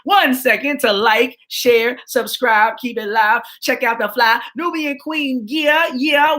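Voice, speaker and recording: A woman hosting her channel, reading documents aloud with animated asides. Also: fairly high pitch. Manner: animated, slows down for quotes, playful asides. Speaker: channel host.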